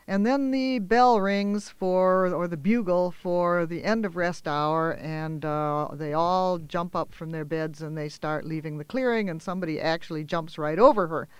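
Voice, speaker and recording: A man telling a children's story aloud in a gentle, expressive way, with small pauses and fillers. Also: a little high, clean tone, no echo.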